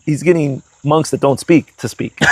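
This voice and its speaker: A man co-hosting a casual current-events podcast, chiming in with animated remarks. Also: on the high side. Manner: animated, chimes in. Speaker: podcast co-host.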